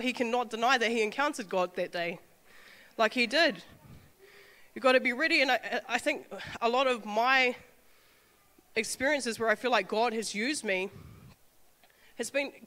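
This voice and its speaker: A woman, telling an animated testimony with frequent laughter. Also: fairly high pitch, normal speed, long pauses, in a large hall. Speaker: speaker sharing a testimony. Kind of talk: informal sermon talk.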